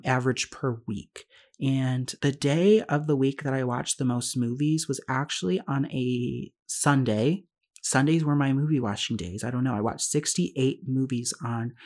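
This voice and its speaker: A man hosting a solo podcast, talking very fast in a rambling, self-deprecating way. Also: medium pitch. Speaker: podcast host.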